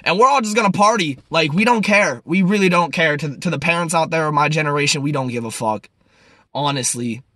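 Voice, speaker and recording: A young man in his twenties ranting casually to camera, profane and rambling, swinging between loud outbursts and low mutters. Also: fairly quick, dry recording. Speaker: vlogger.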